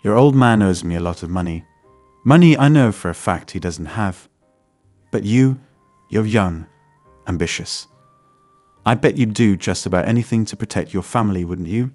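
A man's voice: on the low side, moderate pace, darkish tone, no echo, soft background music, lightly acted. A man voicing a smug, menacing male loan shark who speaks in a mocking, threatening way.

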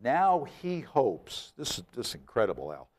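A male talk-show host with a lively, swooping delivery. He jokes and laughs easily while bantering with his guest, and his voice sits at an ordinary middle pitch. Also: normal speed. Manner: animated, jokey, laughs often. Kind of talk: casual chat.

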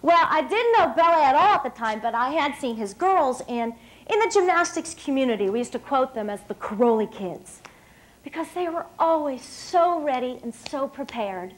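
A high-pitched woman in her thirties, from West Virginia, speaks from a dinner stage. She tells her story in a bright, energetic way, often laughs, and turns straight to the audience. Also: moderate pace, low-quality recording. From West Virginia, USA. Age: 30s. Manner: lively storyteller, often laughing, addressing the crowd directly. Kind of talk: motivational speech to an audience. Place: stage at an evening dinner event.

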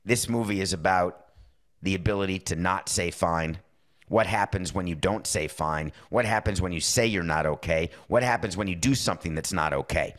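The host, a middle-aged man with a deep, slightly bright voice, gives a casual sports podcast monologue. He offers strong opinions and performs little snippets of dialogue as quick asides.

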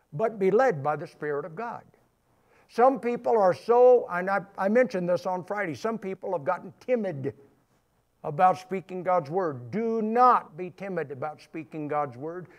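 A man pastor preaching a sermon in church, emphatic and repetitive, rising in bursts. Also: high-pitched. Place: church sanctuary.

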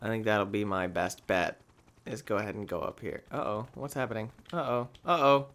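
A man hosting a gaming video, talking through his play in an excitable, exclamatory, rambling way. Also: lowish voice, moderate pace. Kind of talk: let's play commentary.

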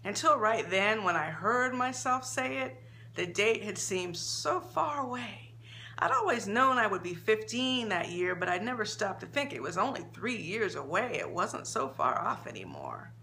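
A woman author reading her own short story aloud, expressive and slowing down for emphasis. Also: mid-range voice, slight background noise.

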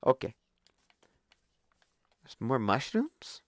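A man hosting a live stream, giving excitable gameplay commentary that bursts into yelps and squeals. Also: fairly high pitch, slow pace, vocal fry, long pauses, dry recording, studio quality.

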